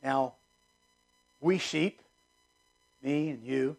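Man, middle-aged pastor, sermon, gravelly rasp, emphatic, repeats phrases, loud then hushed. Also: medium pitch, drawn-out words.

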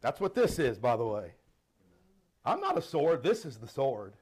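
A middle-aged male pastor delivers an animated sermon, reading and explaining scripture and laughing now and then. His voice is mid-range and slightly rough, at a normal speed.

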